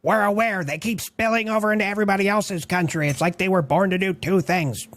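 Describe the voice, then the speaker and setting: A man with a high voice trading insults in a comedy sketch. He mocks and swears with steady sarcasm. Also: brisk. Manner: mocking, sarcastic, profane.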